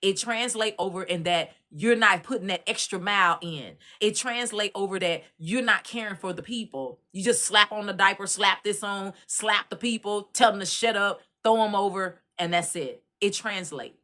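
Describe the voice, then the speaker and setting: A woman from Dallas with a Texas accent, giving casual commentary and telling animated stories in colloquial Southern speech. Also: medium pitch, normal speed, few pauses. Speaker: commentary host.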